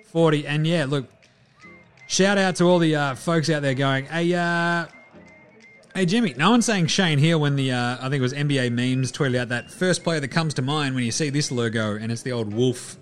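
A man hosting a basketball show in casual solo commentary, loose and chatty, with the odd swear word. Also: mid-range voice. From Australia. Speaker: basketball podcast host.

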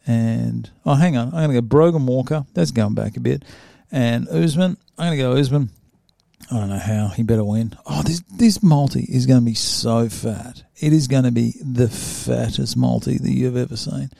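A man's voice: medium pitch, gravelly, dark tone, dry recording, clean studio sound. A man casually rambling through fight predictions, stumbling over names and mocking himself. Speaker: MMA fight predictions host.

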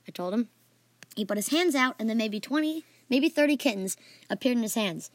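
A woman's voice: on the high side, animated, a little fast, dry recording. A woman narrating a playful, made-up adventure story in a casual way, adding sound effects and asides.

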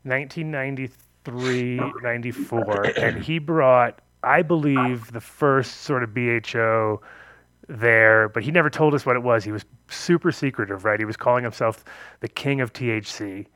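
A man's voice: mid-range voice, normal speed, fairly bright tone. Swearing, laughing man telling stories. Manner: loose storytelling with heavy swearing, laughing often. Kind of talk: casual chat.

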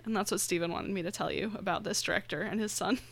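A woman co-hosting a casual movie podcast, blunt and laughing, quick to swear. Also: medium pitch, vocal fry, no room sound. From United States. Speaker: podcast co-host. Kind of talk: casual chat.

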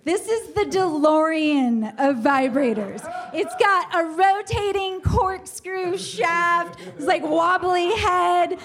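A young woman telling a funny personal story to an audience, animated and self-mocking. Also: very high-pitched. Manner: animated, self-mocking, vivid comic retelling.

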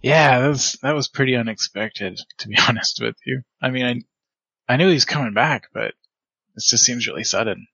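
A man's voice: mid-range voice, moderate pace, creaky, slightly rough, dry recording, lo-fi sound. A man playing a tabletop role-playing game, chatting casually and narrating his character's actions with rambling asides. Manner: relaxed, rambling, trails off. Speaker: tabletop player.

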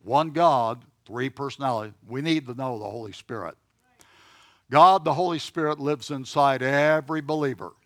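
A man's voice: mid-range voice, normal speed, no echo, clean studio sound. A man teaching a Bible class in a church setting, talking in a conversational way and checking in with his listeners.

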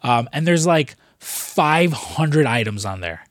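A man's voice: a little high, expressive, slow pace, no room sound, studio quality. A young man co-hosting a podcast, rambling and swearing through jokey stories, slipping into quoted voices. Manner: rambling, profane, jokey storytelling with put-on quotes. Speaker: podcast co-host. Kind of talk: casual podcast chat.

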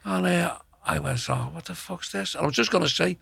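A man, telling lively anecdotes in casual chat, acting out quotes and swearing freely. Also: sits high, brisk, vocal fry, breathy edge, no echo. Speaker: guest.

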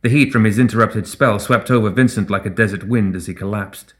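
A man with a fairly low voice narrates a fantasy story aloud as an audiobook narrator. His scripted reading is measured and even.

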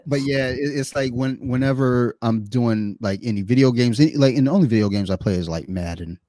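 A man hosts a podcast in an easygoing, laid-back way, with a fairly low voice. The recording is dry and close, with no room sound. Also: a little fast, dark tone, dry recording. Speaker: podcast host. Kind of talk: casual podcast chat.

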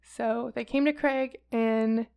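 A woman's voice: on the high side, fairly even intonation, slow, vocal fry, darkish tone, smooth. A young woman co-hosting a true crime podcast, telling the story in a casual, chatty way with hesitations and laughs. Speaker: podcast co-host.

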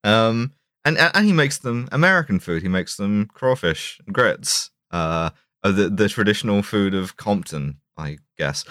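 A man with a low voice, co-hosting a podcast and reviewing a film in casual chat. He riffs in dry, ironic, mock-academic tones and stumbles over fillers. The recording is close and dry. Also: expressive, moderate pace, a bit bright, dry recording. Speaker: podcast co-host.

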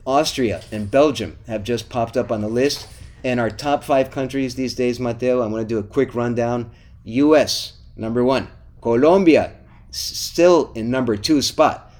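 A man's voice: mid-range voice, fairly even intonation, moderate pace, darkish tone. Middle-aged male podcast co-host, casual sign-off, eager and pleading. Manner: upbeat, pleading with listeners.

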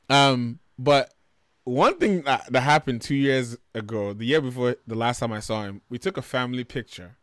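A man from Nigeria, telling stories in a casual, animated way, swearing freely and getting loud when he retells arguments. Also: medium pitch, fairly quick, no room sound, clean studio sound. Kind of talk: casual storytelling chat.

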